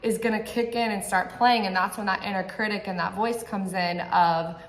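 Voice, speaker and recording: A woman's voice: mid-range voice, steady tone, normal speed. Earnest woman coaching in an echoey room. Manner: earnest, coaching, keeps checking in with the viewer. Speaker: mindset coach. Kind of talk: motivational talk to camera.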